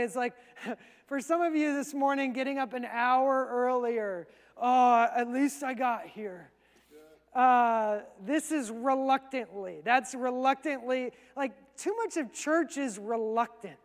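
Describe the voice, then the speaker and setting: A male pastor preaching a sermon in a conversational way, acting out quick asides. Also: extremely high pitch, in a large hall.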